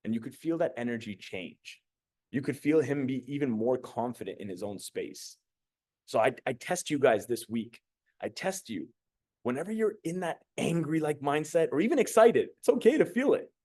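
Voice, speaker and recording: A man's voice: mid-range voice, normal speed. A young adult man giving a casual motivational talk as a communication coach, swearing freely and acting out quotes. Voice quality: swearing, animated storytelling with acted-out quotes.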